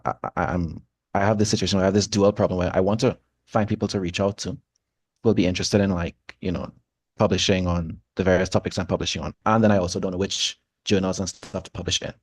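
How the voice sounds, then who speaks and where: A man calling into a livestream over a video call, halting and restarting his sentences. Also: sits low, dry recording. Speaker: caller. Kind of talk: casual call-in talk.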